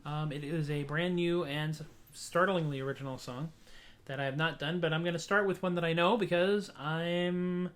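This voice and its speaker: A man's voice: fairly high pitch, fairly even intonation, moderate pace, fairly bright tone. Chatty self-mocking man with ukulele. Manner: self-deprecating, chatty, breaks off songs to joke. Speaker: singer-songwriter streaming a show. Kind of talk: casual livestream chat and singing with ukulele. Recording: ukulele playing along.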